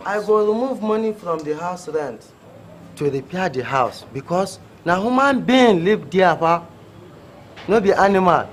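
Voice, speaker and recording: A blunt, plain-spoken landlord who speaks Pidgin with a Hausa accent. He talks slowly and deliberately in a somewhat high voice, with a faint ambient hum behind him. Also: lively intonation. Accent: Hausa-accented Nigerian Pidgin. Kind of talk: comedy film acting.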